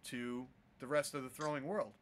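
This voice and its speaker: A man with a bright, mid-pitched voice talks as a throws coach on a casual podcast. He is earnest and reasons things out step by step. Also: steady tone, normal speed.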